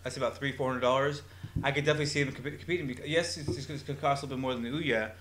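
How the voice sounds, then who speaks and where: Fast-talking man on a podcast. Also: medium pitch, fairly even intonation, fairly bright tone, slight background noise. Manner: talks very fast, restarts sentences. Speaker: podcast co-host. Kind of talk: casual chat.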